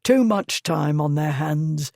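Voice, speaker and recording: A stern, moralizing man delivers curt, cold rebukes, as a woman narrator puts him on. The tone is low and mellow, close and dry. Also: animated, slow, creaky, no echo, heavily acted. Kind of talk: audiobook character voice.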